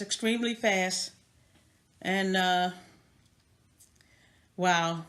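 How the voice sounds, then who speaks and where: A woman's voice: mid-range voice, measured pace, a bit bright. A woman from New York City, chatting casually to viewers on a live stream from her home through a tablet mic, often laughing. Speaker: host of a live video stream. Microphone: tablet microphone.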